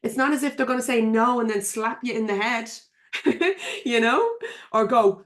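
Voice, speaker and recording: Giving a live coaching webinar from her computer at home, an Irish woman speaks at a normal speed in a slightly high, fairly bright voice. The business coach is frank and chatty, with frequent laughter and casual swearing.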